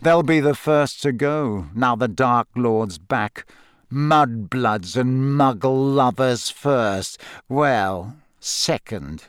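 A man voicing a spiteful teenage boy bully with a slow, taunting drawl. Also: mid-range voice, clean tone, dry recording, clean studio sound. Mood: sneering.

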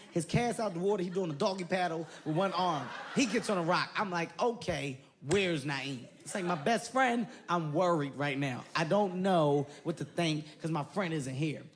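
A man doing stand-up storytelling, animated, with loud bursts and laughing at his own story. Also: high voice. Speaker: stand-up comedian. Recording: live stage recording with audience noise.

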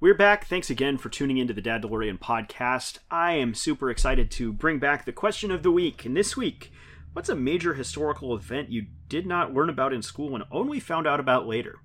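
A man's voice: medium pitch, lively intonation, fairly quick, a bit bright, a little hiss or hum. A man in his thirties hosting a podcast in a casual, rambling style, often chuckling as he talks. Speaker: podcast host. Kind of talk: casual chat.

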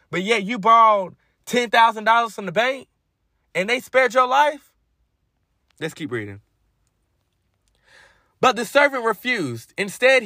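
High, bright-voiced male preacher. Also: dry recording, studio quality. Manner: conversational, colloquial retelling of scripture. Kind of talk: sermon with scripture reading.

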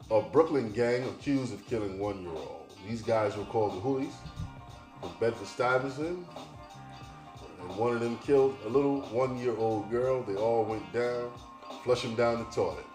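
A man's voice: medium pitch, a little mellow. A man hosting a podcast, reading news headlines aloud and ranting about them in a blunt, profane, sardonic way. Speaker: podcast host. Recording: roomy echo, faint music.

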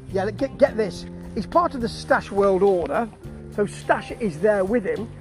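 A vlogger recaps a wrestling show in an easy, conversational manner. The delivery is full of dry asides and self-corrections, at a middling pitch. Soft music plays faintly in the background. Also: poor audio. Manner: chatty and wry, with asides and restarts. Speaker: wrestling reviewer. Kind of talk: casual spoken review.

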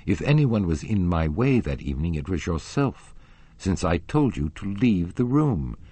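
A man's voice: sits low, big pitch swings, moderate pace, dark tone, breathy edge, no room sound, heavily acted. Secretive young woman singer, read by a man. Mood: tense. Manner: cold, guarded replies.

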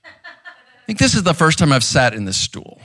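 Bright-voiced male pastor preaching conversationally. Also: on the high side, wildly swooping pitch, normal speed. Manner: conversational, intense, frequent "right?" asides. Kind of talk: sermon. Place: church room, seated on a stool.

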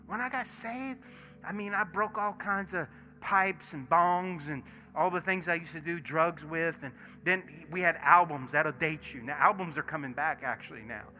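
A man, a pastor preaching in church and acting out stories, swinging from hushed asides to loud bursts. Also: a little high, normal speed. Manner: animated storyteller, acts out dialogue, swings from hushed to shouting. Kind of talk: sermon with storytelling. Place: church sanctuary. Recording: music playing behind sermon. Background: soft worship music.

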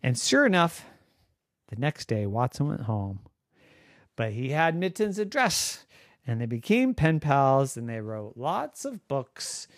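A man telling an improvised bedtime story in a gentle, playful way. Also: medium pitch, very animated, unhurried, no echo, clean studio sound.

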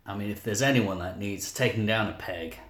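A man's voice: fairly low pitch, fairly quick, a bit bright, echoey room. A man co-hosting a podcast, making wry, sarcastic comments with some swearing. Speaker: podcast co-host. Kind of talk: casual film recap chat.

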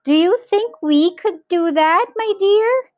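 A woman voicing a flustered, easily frightened mother in a storybook reading, with high fluttering cries. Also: slow pace, dry recording, studio quality. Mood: anxious.

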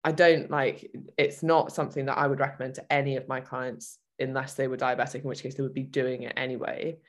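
A woman's voice: extremely low pitch, little pitch movement, a little fast. A woman from the UK co-hosting a fitness podcast, chatting casually with lots of filler words. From United Kingdom. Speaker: podcast co-host, fitness coach.

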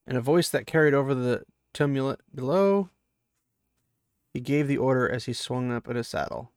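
A man's voice: mid-range voice, moderate pace, smooth, dry recording, clean studio sound. A man reading a fantasy novel aloud and then chatting casually about the chapter, building up intensity on the battle lines. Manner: reads the battle with rising intensity, then chats excitedly with fans. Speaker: book reader and commentator. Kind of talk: dramatic reading mixed with casual commentary.

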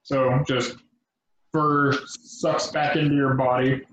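A man running a tabletop game as game master, narrating in a relaxed way with frequent pauses and ums. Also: medium pitch, a little hiss or hum. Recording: echoey, dull lo-fi room.

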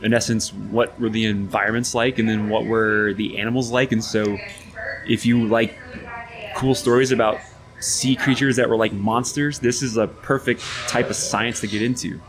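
Thoughtful deep-voiced guest professor. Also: male voice, steady tone, normal speed. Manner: thoughtful, explanatory. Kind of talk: casual interview answers.

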